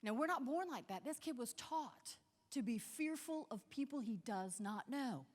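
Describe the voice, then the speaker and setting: A woman's voice: a little high, lively intonation, moderate pace, in a large hall. A woman giving an interactive motivational keynote on a large convention stage, leading the crowd in call-and-response. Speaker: keynote speaker.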